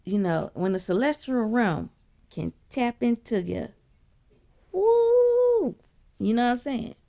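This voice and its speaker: A woman telling a spiritual story in a blunt, profane, chatty way, her voice leaping high when she quotes herself. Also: animated, moderate pace, creaky, mellow. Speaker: vlogger. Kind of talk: casual spiritual storytelling monologue.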